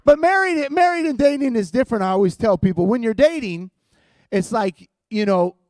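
A man's voice: very high-pitched, animated, brisk, darkish tone, no room sound. A man preaching as a guest in church, opening with playful, teasing, self-mocking humor to a live congregation.

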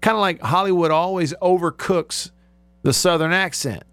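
A man's voice: sits high, normal speed, a bit bright, clear, resonant tone, dry recording. A male radio host in casual talk, reading out listener texts, chatting and laughing often.

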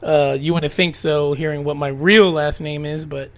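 A man co-hosting a casual podcast, rambling and animated with plenty of fillers. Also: on the high side, moderate pace. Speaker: podcast co-host.

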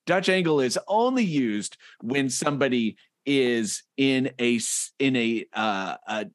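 A man co-hosting a podcast, joking around and slowly walking through comic strip panels. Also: medium pitch, expressive, dry recording, studio quality. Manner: jokey, describes comic panels slowly with restarts. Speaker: podcast co-host. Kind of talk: casual chat.

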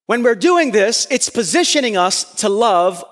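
A man with an unusually high-pitched voice delivers a sermon. He speaks earnestly and with strong emphasis, at times lifting almost to a shout. His voice carries a long reverb that fills a large hall. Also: animated, unhurried. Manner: earnest and emphatic, rising to near-shouts on key points. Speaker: preacher.

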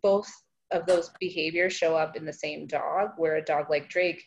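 A woman hosting a casual interview, talking about dog training with halting restarts. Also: low-pitched, steady tone, muffled recording. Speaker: host.

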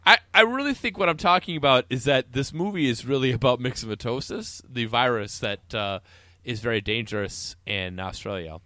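A man's voice: mid-range voice, lively intonation, normal speed, fairly bright tone, no echo. A man co-hosting a casual movie podcast, telling stories and rambling with fillers. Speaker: podcast co-host. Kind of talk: casual chat about a movie.

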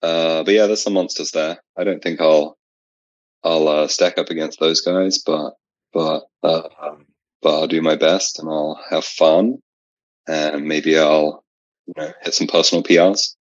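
A British man chatting casually as a podcast guest about strongman lifting, pausing often with fillers. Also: rumbling low, fairly even intonation, no echo, muffled recording. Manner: hesitant, many fillers. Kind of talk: casual chat.

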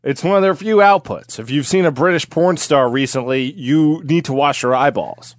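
A man's voice: fairly high pitch, normal speed, no room sound, studio quality. A man co-hosting a casual comedic podcast, reacting with crude wisecracks and playful exaggerated asides. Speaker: podcast co-host.

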